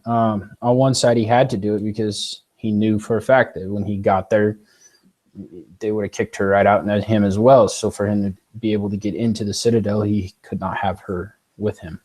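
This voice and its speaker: A man on a podcast panel giving a measured, two-sided view. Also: on the low side, steady tone, a little mellow. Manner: measured, weighs both sides. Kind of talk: casual book discussion.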